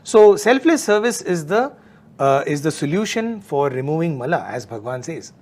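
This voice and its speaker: A man's voice: a little high, sing-song, moderate pace, darkish tone. A man in a devotional discussion, explaining spiritual terms step by step. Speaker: devotional talk speaker.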